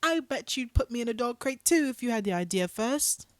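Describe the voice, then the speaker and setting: A woman playing an enraged young woman, put-on British accent, very high shrill shouting, slow delivery. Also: animated, dry recording. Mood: furious. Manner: shouting insults, theatrical.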